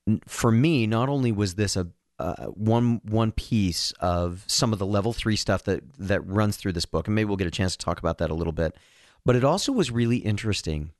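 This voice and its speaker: A man's voice: on the low side, fairly quick, no room sound, studio quality. A man co-hosting a casual book podcast, speaking earnestly and personally, with self-deprecating asides. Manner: earnest and emotional, reads a passage aloud, self-deprecating. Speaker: podcast co-host.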